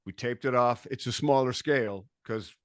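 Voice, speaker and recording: A man telling a story as a podcast guest in casual chat, animated, acting out quotes and swearing freely. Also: mid-range voice, moderate pace, clear, resonant tone, no room sound, studio quality. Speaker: podcast guest, bass tech.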